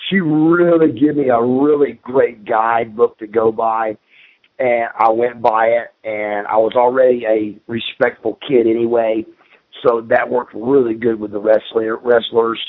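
A man's voice: medium pitch, level tone, unhurried. A man, a former pro wrestler, telling stories from his career as an interview guest, rambling and repeating words as he goes. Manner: rambling, repeats words, acts out quoted voices. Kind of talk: casual storytelling in an interview. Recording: tinny phone-like radio line.

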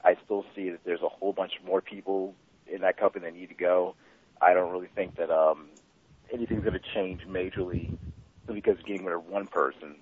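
A man's voice: sits low, fairly even intonation, a little fast, a little hiss or hum. A man calling in to a wrestling talk show, giving hesitant opinions and repeating words. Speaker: co-host calling in. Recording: tinny phone line.

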